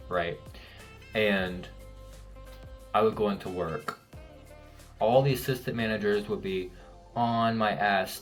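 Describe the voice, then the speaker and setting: Young male self-help speaker, low register, casual but insistent, faint music bed. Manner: earnest, repetitive, emphatic, swears casually. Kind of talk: casual motivational talk to camera.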